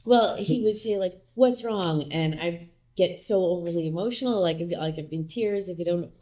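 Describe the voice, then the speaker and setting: Candid, animated woman telling stories. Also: fairly low pitch, brisk. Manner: candid, animated, acts out quoted lines. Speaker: guest. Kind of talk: casual conversational interview.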